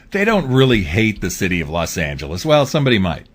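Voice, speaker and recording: Man, host, solo political commentary, slightly low pitch, rambling, conversational. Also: lively intonation, fast talker.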